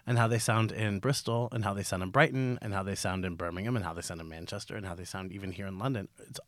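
A man's voice: deep voice, fast talker, fairly bright tone, dry recording. A man, a drag performer, chatting playfully as a podcast guest and laughing often. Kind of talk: casual interview chat.

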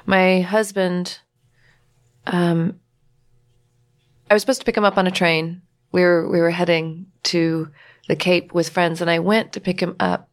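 A woman's voice: on the low side, flat delivery, normal speed. A woman sharing a personal family story as a podcast guest, emotional, acting out the voices of the people she quotes. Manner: emotional, acts out quoted dialogue.

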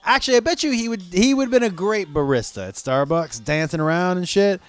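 A man's voice: sits high, brisk, no room sound. A man hosting a podcast in a loose, profane, rambling comedic monologue. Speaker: podcast host.

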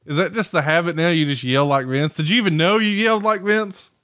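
A man's voice: a little high, brisk, bright, forceful tone, clear, resonant tone, no room sound, studio quality. A man hosting a podcast in casual chat, upbeat and teasing as he steers the talk. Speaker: podcast host.

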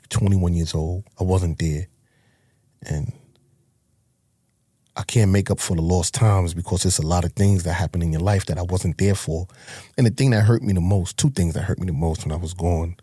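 A man's voice: deep voice, warm tone, slightly rough, no echo, clean studio sound. A man, telling his life story as a guest in a blunt, profane, emotional way. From Harlem, New York. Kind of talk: candid life-story interview.

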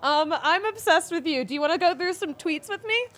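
A high, lively female voice that swoops up and down as she chats. She hosts a loose, casual show and keeps things bubbly, giggling often between segments. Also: fairly quick. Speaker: host. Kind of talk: casual chat.

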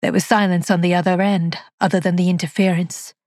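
A woman narrating as an aging, haunted spinster, telling her story in a quiet, hushed first-person voice. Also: fairly low pitch, little pitch movement, fairly quick, no room sound, studio quality, natural voice. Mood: uneasy.

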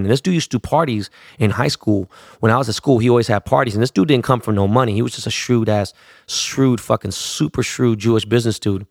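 A man's voice: mid-range voice, no room sound, clean studio sound. A middle-aged man from Los Angeles telling a rambling story in casual, slangy talk, swearing constantly.

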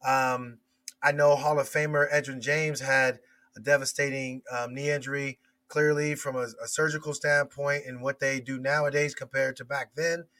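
A man who is a former player, talking football as a guest in a casual podcast chat, halting and restarting often. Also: medium pitch, level tone, bright, forceful tone. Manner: hesitant, halting with many restarts.

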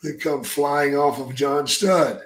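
An older man telling profane stories in casual chat, with a gruff manner and loud acted-out quotes. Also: fairly high pitch, steady tone, takes it slowly. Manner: gruff, swears constantly, acts out quotes loudly. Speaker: podcast guest, storyteller. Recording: echoey room.

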